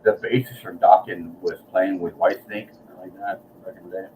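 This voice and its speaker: Man, casual storyteller, profane, dark mellow tone, faint background hiss. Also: sits low, fairly even intonation, brisk, distant mic, low-quality recording. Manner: rambling, profane, acts out quotes. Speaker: host. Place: guitar shop or room, San Antonio.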